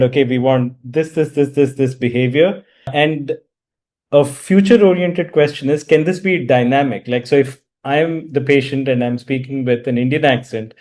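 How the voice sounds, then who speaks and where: A man's voice: medium pitch, a little mellow. A man hosts an interview show. He asks questions in an inquisitive way, often restarting mid-sentence. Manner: inquisitive, halting. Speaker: host.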